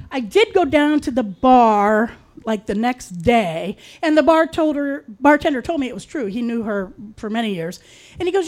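A woman telling a personal story in a casual, wry way, with deadpan asides. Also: sits high.

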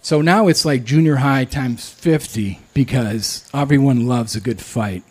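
A man telling a true personal story, candid and self-deprecating, often pausing and restarting. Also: mid-range voice, breathy edge.

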